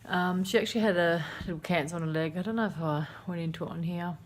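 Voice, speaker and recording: Here the same kind of kitchen vlog runs fast: a woman in her thirties with an Australian accent, voice on the low side, narrating her day in a rambling, chatty manner full of fillers.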